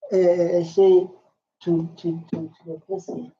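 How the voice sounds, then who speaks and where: A woman's voice: lowish voice, expressive, moderate pace, warm tone, husky. Emphatic South African woman, dull lo-fi audio. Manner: repetitive, emphatic, many fillers. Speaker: reaction video host. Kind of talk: political reaction commentary. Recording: dull lo-fi with faint noise.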